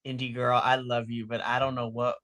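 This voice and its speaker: A man co-hosting a wrestling podcast in casual chat, animated and laughing often, acting out his own reactions. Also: medium pitch, brisk. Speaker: podcast co-host.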